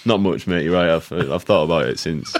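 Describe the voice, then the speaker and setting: A man's voice: low-pitched, brisk, dry recording. A man playing as a quiz contestant in casual podcast chat, jokey and rambling.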